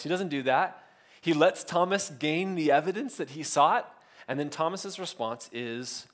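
A man's voice: on the high side, a little slow, fairly bright tone. A male pastor, giving a casual, conversational sermon and briefly acting out quotes. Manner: conversational, self-correcting, acts out biblical quotes.

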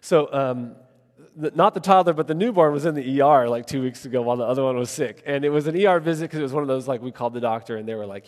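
An earnest man in his thirties preaches a relaxed, conversational sermon, with his voice sitting at a middle pitch. He thinks aloud and fills his talk with casual asides. His words ring with the long reverb of a large church hall. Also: fast talker. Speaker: pastor.

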